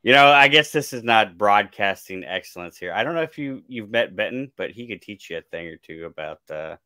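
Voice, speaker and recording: A sarcastic man on a panel podcast, his low voice bright and forceful as he rambles through fillers. The sound is close and dry. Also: expressive, a little fast, clean tone, no echo. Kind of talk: casual chat.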